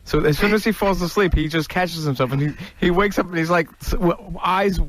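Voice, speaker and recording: A man telling a story on a radio show in halting, rambling bursts. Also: high-pitched. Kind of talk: casual radio chat.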